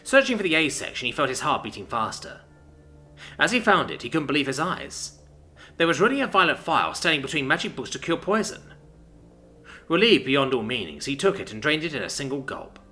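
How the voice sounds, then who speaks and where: A man reading a story aloud in a dramatic, expressive narration. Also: mid-range voice.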